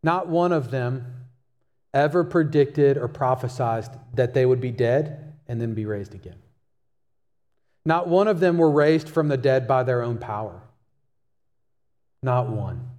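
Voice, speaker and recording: A man's voice: on the high side, a little mellow, big-room sound. A male pastor preaching a sermon, emphatic and repeating key phrases for stress.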